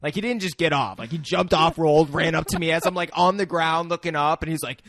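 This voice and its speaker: A man's voice: on the high side, fast, a bit bright, no echo. A man co-hosting a podcast, telling a story in a rambling way with lots of "like" and restarts. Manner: rambling, filler-heavy, laughs through his story. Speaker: podcast co-host. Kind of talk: casual storytelling chat.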